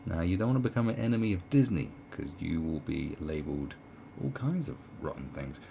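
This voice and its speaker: Gravelly, deep-voiced British man ranting. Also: very animated, fairly quick, warm tone, slight background noise. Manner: sarcastic, swearing, many ums and restarts. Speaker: commentary vlogger. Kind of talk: ranting video commentary.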